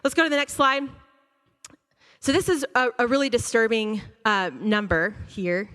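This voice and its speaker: A woman school counselor giving an animated, conversational talk to a church audience, acting out her students' reactions. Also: a little high, normal speed. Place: church auditorium. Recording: long hall reverb.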